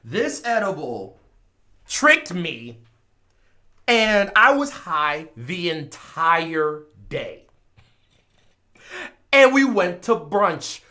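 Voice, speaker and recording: Animated man telling a story. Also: a little high, extremely slow, long pauses. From Chicago. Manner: animated, swings between mumbling asides and loud exclaims. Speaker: streamer. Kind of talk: casual storytelling.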